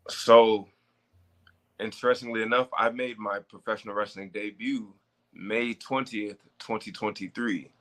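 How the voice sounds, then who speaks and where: A man's voice: on the low side, fairly even intonation, a little slow, a bit bright. A man in his twenties, a professional wrestler being interviewed, talking casually and stressing words for emphasis.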